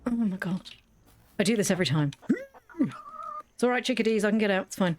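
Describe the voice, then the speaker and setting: A woman's voice: mid-range voice, moderate pace, pauses often, a little hiss or hum. A woman with a British accent, bluntly ranting and swearing freely while chatting over a game. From Britain. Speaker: YouTuber playing a game. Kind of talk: casual gameplay commentary.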